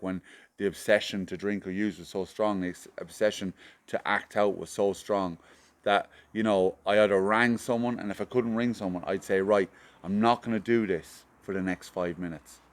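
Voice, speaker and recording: Irish male guest, low-pitched, smooth tone, earnest and halting delivery. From Ireland. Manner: earnest, halting, often repeats and restarts words. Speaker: podcast guest. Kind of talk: casual chat.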